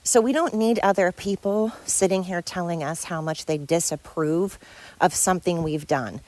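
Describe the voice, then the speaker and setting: A woman's voice: on the low side, normal speed, darkish tone, dry recording. Heated, rambling woman podcaster. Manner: rambling and heated, stumbles over words. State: tired. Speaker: podcast host. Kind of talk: casual solo podcast monologue.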